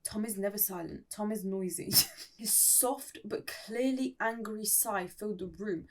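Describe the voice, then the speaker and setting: A woman's voice: mid-range voice, distant mic. A woman casually reading a fan story aloud, with giggly, sarcastic asides. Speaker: story reader and commentator.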